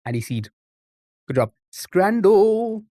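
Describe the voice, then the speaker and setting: A man's voice: medium pitch, normal speed, no echo, clean studio sound. A man chatting casually on a live game stream, rambling and tripping over his words.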